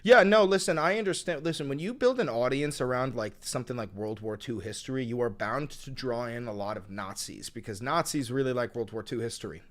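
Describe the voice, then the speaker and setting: A man live-streaming and reacting to his chat, excitable and profane, bursting into shouts and repeating words in rapid strings. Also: medium pitch.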